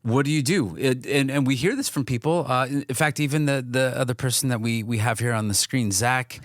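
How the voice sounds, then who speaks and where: An earnest man co-hosts a casual podcast and talks through his ideas with frequent restarts and fillers. His voice sits in a middling pitch and comes across dry and close to the mic. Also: brisk, dry recording. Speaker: podcast co-host.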